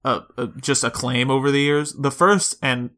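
A man co-hosting a podcast in loose, casual chat, with a bright, forward voice. He fills pauses with fillers and laughs easily. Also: medium pitch. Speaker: podcast co-host.

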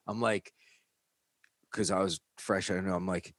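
A low-voiced man from New York tells a story in loose, casual chat. He throws himself into it and barks out the other people's lines. The sound is close and dry, with no room behind it. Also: normal speed, gravelly, husky, no room sound. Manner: animated, acts out shouting cops.

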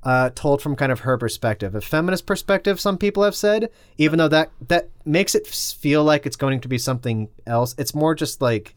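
A man's voice: a little high, expressive, brisk, few pauses, clean tone, no echo, clean studio sound. A man co-hosting a casual podcast chat, talking in a rambling way full of "like" and "uh". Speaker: podcast co-host.

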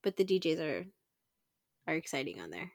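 A woman's voice: low-pitched, sing-song, moderate pace, vocal fry, dry recording, studio quality. A woman co-hosting a casual podcast chat, with slangy talk and frequent laughter. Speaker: podcast co-host.

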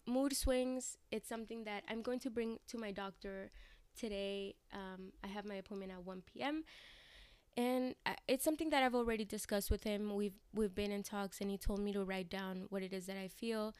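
A woman's voice: medium pitch, smooth, no echo. A young adult woman talking candidly in a personal vlog, rambling with fillers and restarts and swearing casually. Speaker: vlogger.

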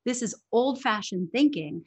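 A woman's voice: on the high side, expressive, a little slow, a little mellow, breathy edge. Woman english coach chatting in an interview, earnest and emphatic, laughs a lot. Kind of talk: conversational interview.

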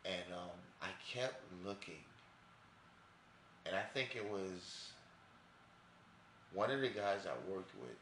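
A man's voice: sits low, lively intonation, slow, long pauses, a bit bright, echoey room, a little hiss or hum. A man from New York with a New York accent, telling a personal story in a loose, rambling, profane way full of fillers. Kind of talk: casual storytelling.

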